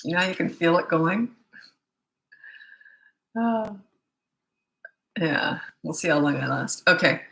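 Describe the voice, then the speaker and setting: A woman's voice: on the low side, expressive, takes it slowly, vocal fry, long pauses, a bit bright, reverberant, low-quality recording. Blunt, tired-voiced woman parenting coach. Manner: blunt, casual, loses track mid-thought. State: losing her voice. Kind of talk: live Q&A, answering viewer questions.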